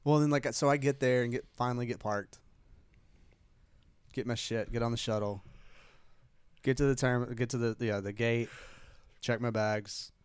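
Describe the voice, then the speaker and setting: A man at a mid pitch, talking close to the mic in a dry, unreverberant sound. He co-hosts a casual podcast and spins a rambling anecdote, slipping into the voices of the people he quotes. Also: fairly even intonation, normal speed, long pauses, clean tone, dry recording. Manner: rambling storyteller, acts out quoted dialogue. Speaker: podcast co-host. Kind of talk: casual chat.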